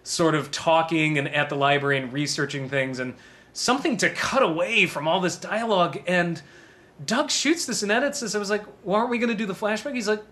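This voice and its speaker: A man's voice: fairly high pitch, lively intonation, moderate pace, pushed and bright. A man giving a casual DVD commentary on his own film, rambling and self-deprecating and laughing often.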